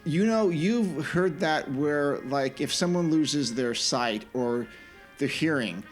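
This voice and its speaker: A man co-hosting a podcast in casual chat, animated, often restarting his sentences. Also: on the high side, takes it slowly, soft background music. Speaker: podcast co-host.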